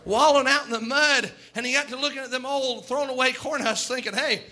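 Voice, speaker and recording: A man's voice: extremely high pitch, fairly even intonation, fairly quick, bright, forceful tone. A male preacher, delivering a folksy sermon and voicing God and sinners in quoted asides.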